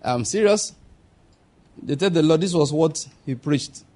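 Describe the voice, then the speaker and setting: A male pastor preaching a sermon, emphatic, reading scripture slowly and repeating key phrases. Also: a little high, lively intonation, mellow.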